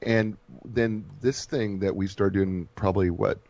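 A man's voice: lowish voice, steady tone, unhurried, darkish tone, no room sound, muffled recording. A man co-hosting a radio show in casual chat, rambling and effusive, often stumbling and repeating his words. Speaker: radio co-host.

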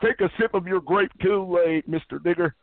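Male prank-call host, high voice, relentless sneering taunts. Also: moderate pace, no room sound. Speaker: radio show host making prank calls. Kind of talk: prank phone call rant. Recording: phone-like line with faint music.

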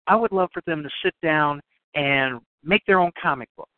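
A man's voice: a little high, smooth, dry recording. A man hosting a radio interview, speaking casually and repeating words as he frames his questions. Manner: halting, repeats words while framing questions. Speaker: radio show host. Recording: tinny phone line, dry.

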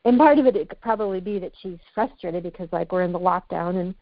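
Talking fast in a fairly low voice, this podcast guest chats candidly and reflectively, groping for the right words. There's no echo; the sound is muffled, dry and lo-fi.

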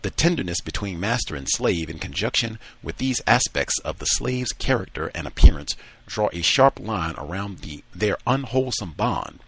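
A man hosting a call-in talk show, reading a passage aloud and then chatting in relaxed asides. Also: fairly low pitch, normal speed, breathy edge. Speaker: radio talk show host.

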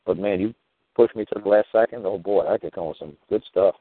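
This show host has a low voice and a brisk delivery as he spins rambling, casual, foul-mouthed stories studded with "you know" and "man." There's no echo, though the audio comes through tinny, like a phone line.

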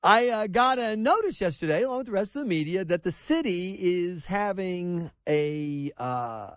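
A man hosting a talk radio show, excitable and exasperated, stammering and restarting as he talks in a studio. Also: sits high, normal speed, dry recording.

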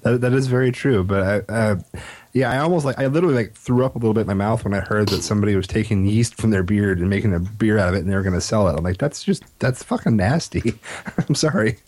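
A man's voice: lowish voice, quick pace, a little mellow. A man co-hosting a casual podcast, swearing freely and laughing often. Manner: laughing, profane. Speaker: podcast co-host. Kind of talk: casual chat.

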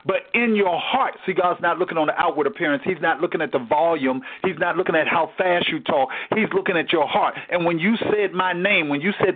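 Man, Bible study teacher, fairly high voice, rhetorical questions, repetitive emphatic cadence, tinny phone-quality recording. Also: expressive, moderate pace, slightly rough. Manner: rhetorical questions, repeats "why?" and "guess what?".

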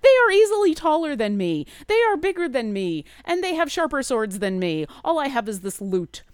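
A woman voicing an eager, flustered female bird-folk bard who talks in rapid, excitable bursts. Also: clean tone, no echo, studio quality. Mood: earnest. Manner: rapid, excitable, high-pitched chatter.

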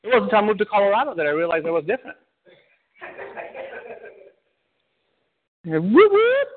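A pastor from Southern California giving an animated personal testimony, often laughing as he tells it. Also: high voice, quick pace. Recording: tinny phone-like sound.

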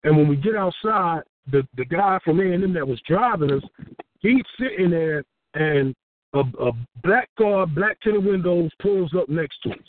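Profane Houston rapper telling stories. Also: male voice, on the high side, normal speed, slight background noise. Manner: profane, animated storyteller, acts out quotes. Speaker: rapper and guest. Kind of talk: casual storytelling interview. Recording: tinny phone-like dry sound.

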